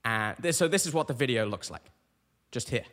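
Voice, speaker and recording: A man's voice: medium pitch, a little fast. A young man in his twenties hosting a podcast, telling a casual, rambling story with lots of restarts. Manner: animated, rambling with frequent restarts. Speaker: podcast host. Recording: long reverberant echo.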